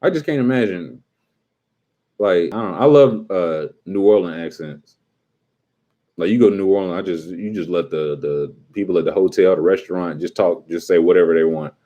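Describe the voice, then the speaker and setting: A man casually chatting with his livestream viewers, joking around and breaking into quick impressions. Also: low-pitched, dark tone, dull audio.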